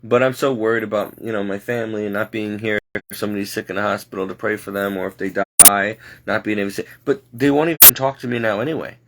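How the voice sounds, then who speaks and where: A man casually telling a personal story in an earnest, halting way. He often restarts his sentences and speaks openly about God and the supernatural. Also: fairly low pitch, fairly even intonation, a bit bright, slight background noise. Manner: earnest, halting, circles back on itself.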